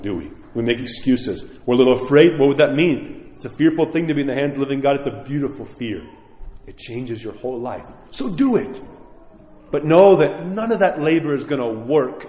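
A man's voice: on the high side, a little mellow. Man preaching in an echoey hall. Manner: earnest, emphatic preaching and storytelling. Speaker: priest. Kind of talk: sermon. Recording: echoey hall, dull lo-fi sound.

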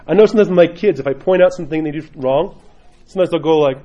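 A man's voice: on the high side, fast talker, warm tone, muffled recording. A man speaking as a priest, giving an informal sermon in a blunt, joking, emphatic way.

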